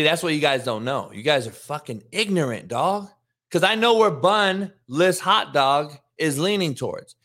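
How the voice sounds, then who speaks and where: A man's voice: a little high, sharp tone. A middle-aged man hosting a live sports show, ranting in a heated, profane way, mocking his chat and laughing between lines. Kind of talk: live-streamed sports rant.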